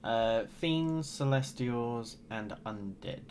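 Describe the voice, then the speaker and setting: A player in a casual tabletop game, playful and quick to laugh. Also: medium pitch, darkish tone, a little hiss or hum.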